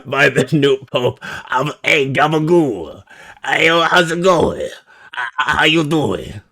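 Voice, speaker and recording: A man's voice: a little high, lively intonation, slow pace, vocal fry, sharp tone, heavily acted. A man putting on a hammy Italian mob boss voice with a mock New York mobster accent, joking and stumbling over words. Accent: put-on New York Italian mobster.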